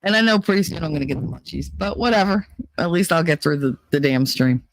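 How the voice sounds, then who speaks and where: Gravelly, profane livestream host chatting loosely. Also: mid-range voice, lively intonation, fast, no room sound, poor audio. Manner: profane and loose, laughing and humming filler tunes. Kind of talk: casual rambling chat to a live chat.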